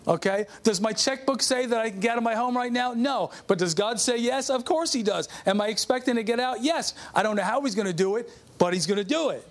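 Middle-aged male pastor with a high voice, preaching a conversational testimony sermon. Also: fairly quick, few pauses. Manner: conversational, calls out to the congregation.

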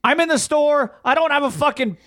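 A man co-hosting a casual podcast, telling a profane, angry story about a store trip and shouting out his frustration. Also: very high-pitched, a little fast, no echo, clean studio sound. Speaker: podcast co-host. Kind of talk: casual chat.

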